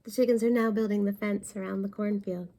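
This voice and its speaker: A woman reading a picture book aloud at a library storytime, pausing to explain words for young listeners. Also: mid-range voice, steady tone, dark tone.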